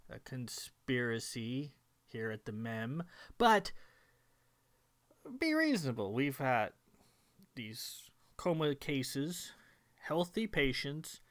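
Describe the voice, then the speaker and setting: A man voicing a self-assured male anesthesiology chief who talks down soothingly. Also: on the high side. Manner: condescending and reassuring.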